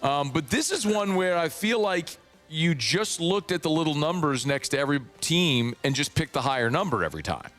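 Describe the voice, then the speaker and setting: A man's voice: fairly high pitch, expressive, brisk, a bit bright, faint music behind. A man hosting a sports radio show, teasing and quizzing his mother in casual chat, with dry humor.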